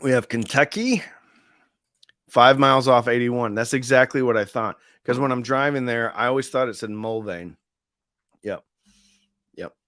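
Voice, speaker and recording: A man's voice: medium pitch, moderate pace, long pauses, fairly bright tone, dry recording, clean studio sound. A middle-aged man hosting a casual live stream, chatting in a rambling way and reading viewer comments aloud. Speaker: livestream host reviewing audio deals.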